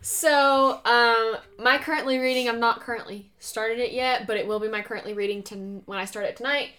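A woman's voice: a little high, steady tone, normal speed, sharp tone. A woman co-hosting a book podcast in casual chat, speaking hesitantly and double-checking herself as she goes.

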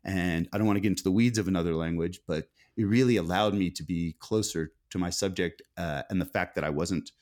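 Low, brisk, and darkish in tone with few pauses, an American man speaks as an author in a conversational interview. He's reflective and keeps restarting and revising his sentences.

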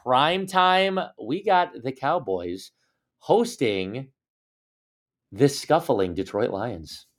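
A man co-hosts a casual sports podcast, playfully teasing and cracking jokes as he talks. His medium-pitched voice swings widely in pitch, and he speaks extremely slowly.

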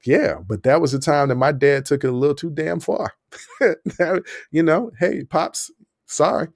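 A young podcast host tells a story casually and animatedly, laughing often and acting out what people said. His voice is on the high side at a measured pace, captured in studio quality with no echo.

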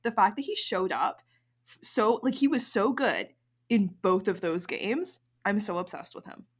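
A young woman from Canada co-hosting a casual podcast. She banters quickly and eagerly, with fillers and restarts. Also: medium pitch, slightly rough. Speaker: podcast co-host. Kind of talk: casual chat.

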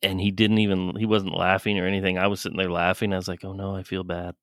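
A man's voice: deep voice, flat delivery, fast, a bit bright, dry recording, clean studio sound. A man co-hosting a podcast, telling a rambling, laughing story with swearing in casual chat. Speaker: podcast co-host.

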